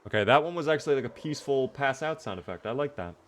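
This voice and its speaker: A man's voice: mid-range voice, expressive, fast talker, fairly bright tone, a little hiss or hum. A man streaming a video game live, chatting upbeat with his viewers as he plays. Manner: upbeat, chatty, talks to himself and chat.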